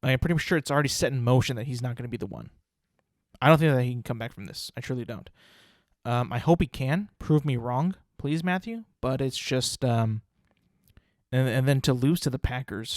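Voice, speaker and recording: A man's voice: mid-range voice, moderate pace. A man hosts his own casual podcast in a mid-range voice, talking about the weekend's games. He rambles and repeats himself, with plenty of fillers and strong opinions. The sound is dry and close, with no room echo. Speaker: podcast host. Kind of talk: casual sports chat.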